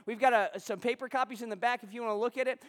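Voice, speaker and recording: A man's voice: very high-pitched, fairly even intonation, very fast, big-room sound. A male pastor preaching a sermon to a congregation at a church service, talking loosely and conversationally with restarts and asides to the room.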